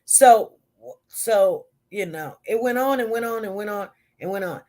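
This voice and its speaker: A nurse with a mellow, mid-range voice shares a story from work on a casual live stream, talking expressively and a little slowly. Speaking straight to her viewers, she rambles and says things more than once.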